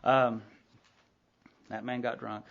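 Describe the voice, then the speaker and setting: A man's voice: mid-range voice, flat delivery, slow, gravelly. A middle-aged man telling his recovery story to a meeting, candid and conversational, with many asides and acted-out dialogue. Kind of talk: personal recovery story told to a group. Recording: dull lo-fi tape of a live meeting talk.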